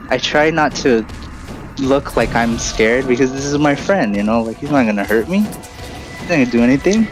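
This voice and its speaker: Over game music, a streamer host in his late twenties or thirties wanders through a long story, casual and rambling, with many fillers. He speaks in a mid-range voice, and the audio quality is poor.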